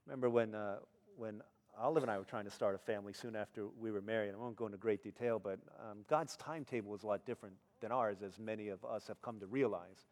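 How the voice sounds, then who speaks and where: A middle-aged male pastor preaching a sermon, telling stories in an animated way and acting out the people in them. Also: lowish voice, fast talker, in a large hall. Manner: animated storytelling, acts out characters.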